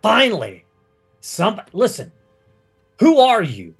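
A man's voice: sits high, wildly swooping pitch, slow pace, gravelly, breathy edge, soft background music, voice pushed up, heavily acted. A man voicing a young injured monk who is fed up, agitated and swears in a tabletop game.

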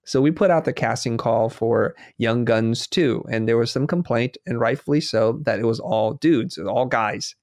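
A man's voice: mid-range voice, moderate pace, hardly any pauses, a little mellow, no echo, studio quality. A man being interviewed who talks earnestly, telling stories and quoting himself and others as he reflects. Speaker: guest.

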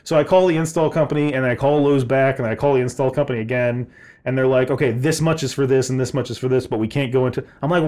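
Animated man telling a rant story. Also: medium pitch, fast talker. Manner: animated, swearing, laughing, mimicking others in quotes. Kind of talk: casual storytelling chat.

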